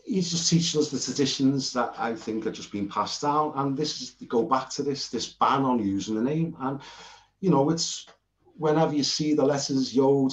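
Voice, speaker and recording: A British man giving an informal Bible lesson while showing notes on screen, earnest and rambling, often restarting his sentences. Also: mid-range voice. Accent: British English. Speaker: Bible teacher. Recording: roomy and dull lo-fi.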